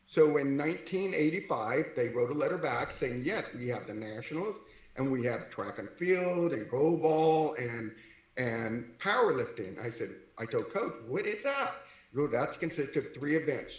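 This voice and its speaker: A middle-aged man from California telling his life story in a lively way, acting out the voices of people he quotes. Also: medium pitch. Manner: animated, acts out quoted voices. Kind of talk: personal storytelling. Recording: echoey room.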